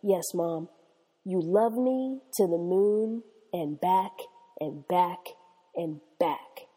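Brief: a woman voicing an adoring small daughter, soft and husky, long reverb. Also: fairly low pitch, drawn-out words, heavily acted. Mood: confident. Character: little girl, trusting and adoring daughter.

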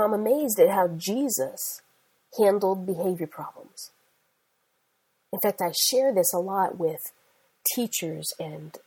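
Woman preacher, forties, mellow husky tone, emphatic sermon delivery. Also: on the low side, rough recording. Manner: emphatic preaching with slow stressed phrases. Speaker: Christian speaker.

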